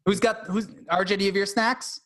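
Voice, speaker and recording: A man's voice: sits high, fairly even intonation, a little fast, a bit bright. A man hosting a casual video call chat, asking silly questions in a playful, mock-formal way. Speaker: host.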